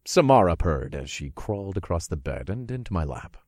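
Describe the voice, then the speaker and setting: A man reads a first-person audiobook in a very low, husky voice. His pitch moves in a lively, animated way through the story, and the recording is close and dry. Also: moderate pace, no room sound. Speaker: audiobook narrator.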